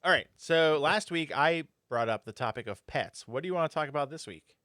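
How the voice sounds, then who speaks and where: A man's voice: on the high side, expressive, brisk, a bit bright. A man hosting a casual podcast who steers the talk with short prompts and questions. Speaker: podcast host. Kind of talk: casual chat.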